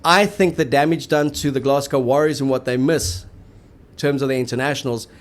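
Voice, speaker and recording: A man's voice: medium pitch, brisk. A man co-hosting a rugby show, chatting casually and wryly and tagging his sentences with "eh". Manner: chatty, tags sentences with "eh", wry. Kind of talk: casual sports chat.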